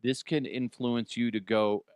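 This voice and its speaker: A man's voice: mid-range voice, steady tone, unhurried, darkish tone, smooth, no echo, studio quality. A middle-aged man hosting a casual sports podcast, joking and swearing freely and laughing often. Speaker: podcast host. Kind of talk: casual solo sports chat.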